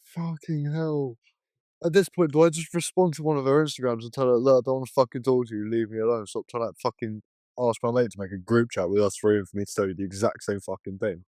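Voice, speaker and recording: A man's voice: mid-range voice, fairly even intonation, fast, a little mellow, no echo, studio quality. A young man co-hosting a casual podcast, throwing in blunt, sweary reactions. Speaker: podcast co-host. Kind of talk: casual chat.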